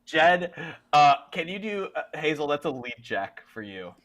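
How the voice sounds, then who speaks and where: A man's voice: a little high, sing-song, measured pace, a bit bright. Laughing man running a horror tabletop game. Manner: laughs often, lots of filler and restarts. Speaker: game master.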